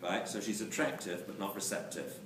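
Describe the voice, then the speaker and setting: A man giving a lively, jokey lecture on dog training to a live audience, acting out quotes as he goes. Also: fairly low pitch, moderate pace. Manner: animated, jokey, acts out quotes. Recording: roomy, distant camera mic with hiss.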